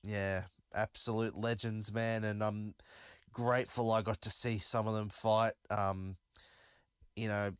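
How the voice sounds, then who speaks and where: A man's voice: fairly low pitch, level tone, measured pace, pushed and bright, clean tone, no room sound. A man hosting a solo podcast, talking casually and enthusiastically, rambling with many fillers and restarts. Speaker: podcast host.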